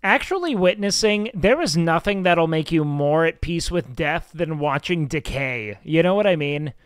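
A young man chatting casually on a game stream, rambling and swearing, with sudden excited outbursts. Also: a little high, moderate pace, clear, resonant tone, no echo. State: sleepy. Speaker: livestreamer. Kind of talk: casual gaming stream chat.

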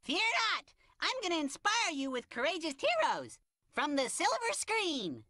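A goofy cartoon cucumber with a high, bright voice. His pitch leaps all over the place as he gets silly and dramatic, and the sound is dry and close. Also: wildly swooping pitch, dry recording, full character voice. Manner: silly, dramatic, quick to panic. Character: goofy, excitable male cucumber. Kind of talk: cartoon voice acting.

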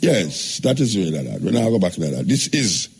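A man with a Jamaican accent hosting a call-in radio show, talking in a relaxed, joking way with patois. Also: low voice, moderate pace, a little hiss or hum. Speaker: radio talk show host. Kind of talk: casual call-in radio talk.

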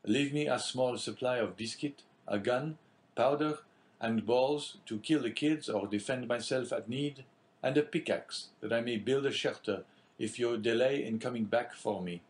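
A man's voice: medium pitch, normal speed, natural voice. A man doing a stubborn wounded sailor. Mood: insistent. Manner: insistent, somewhat raised over the narration. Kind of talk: audiobook character reading.

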